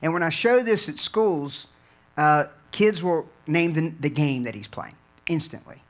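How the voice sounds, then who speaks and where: Male preacher from Virginia, slightly higher voice, conversational sermon storytelling with restarts. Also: unhurried. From Virginia, USA. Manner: earnest preaching, drops low and quiet then builds to loud, fervent peaks.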